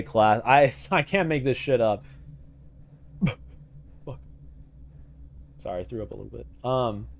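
A man's voice: medium pitch, darkish tone, slight background noise. A man hosting a let's-play, giving casual, profane, joking commentary and talking to his viewers as he plays. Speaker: gaming channel host.

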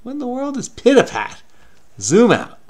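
A man's voice: extremely high pitch, huge pitch swings, normal speed, a little mellow. A man hosting a crossword-solving video, talking frenetically and muttering to himself as he searches. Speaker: crossword solver. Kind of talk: casual puzzle-solving commentary.

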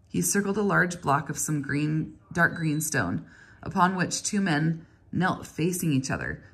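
Low-voiced woman reading a novel. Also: gravelly, breathy edge. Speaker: reader.

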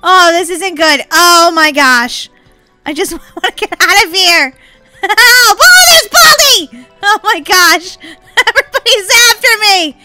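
Woman, very high voice, excited gameplay commentary, squealing and laughing. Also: a little slow, music in the background. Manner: squealing, laughing, breathless exclamations. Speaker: gaming channel host.

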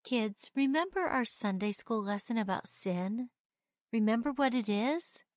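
A woman doing a warm, reassuring mother. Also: fairly high pitch, a little slow, no echo, studio quality. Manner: gentle, calm explaining.

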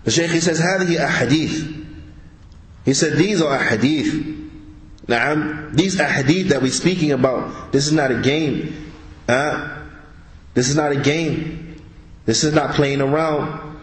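A man gives a religious class lecture, pressing his listeners with emphatic rhetorical questions. His voice sits fairly high for a man. The sound is roomy and echoey. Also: measured pace, long pauses. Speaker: Islamic teacher. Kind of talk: religious class lecture explaining an Arabic text.

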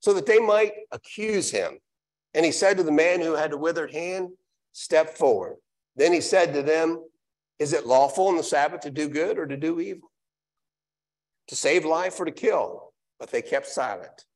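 Emphatic preacher man, fairly high voice. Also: animated, moderate pace. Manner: reads scripture aloud, then restates it with emphatic repetition. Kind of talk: live sermon. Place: church sanctuary.

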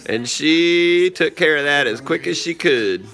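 A man in his thirties hosting a family livestream from home, talking to his young daughter and viewers in an exclamatory, sing-song way with frequent high leaps. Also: animated, measured pace, a bit bright. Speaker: vlogger dad hosting a livestream. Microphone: phone camera.

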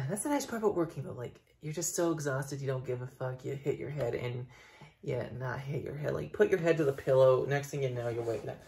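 A man's voice: medium pitch, brisk, vocal fry, mellow, a little hiss or hum. A tired young man from Ontario with a Canadian accent, rambling profanely in a casual vlog. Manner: profane, rambling, swings between outbursts and mumbling. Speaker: vlogger. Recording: echoey room.

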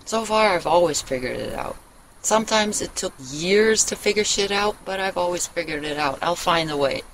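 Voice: medium pitch, animated, normal speed, a bit bright, a little hiss or hum, poor audio. A vlogger in a casual, rambling personal chat who talks candidly, swears freely and laughs often, recorded outdoors on a handheld phone. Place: outdoors in a meadow, sitting on a wooden bench.

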